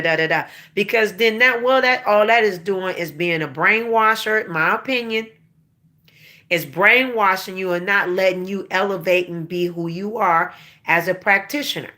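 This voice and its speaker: A woman's voice: medium pitch, bright, forceful tone. A woman, hosting a casual spiritual livestream from her phone, talking loosely and breaking off to speak to her family. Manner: chatty, breaks off to talk to family off camera. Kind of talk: casual live-stream talk.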